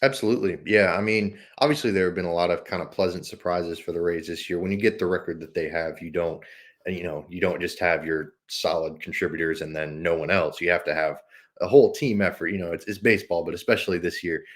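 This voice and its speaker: A man hosting a casual sports podcast, easygoing and quick to laugh, with lots of ums. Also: sits low, fairly even intonation. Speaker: podcast host.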